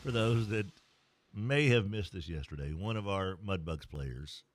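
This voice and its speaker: A man's voice: low-pitched, a little slow, faint music behind. A man, hosting a radio show with joking banter and sponsor reads. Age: 60s. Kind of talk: casual sports radio banter with live ad reads.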